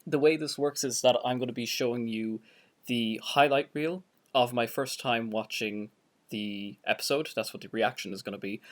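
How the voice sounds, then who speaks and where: Enthusiastic male reaction host. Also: medium pitch. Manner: enthusiastic, laughs often. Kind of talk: casual chat reacting to a show.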